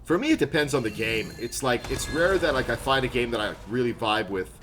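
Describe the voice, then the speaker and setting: A man from Canada, chatting excitably on a live gaming stream, laughing often and loudly greeting viewers. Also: medium pitch, brisk, slight background noise.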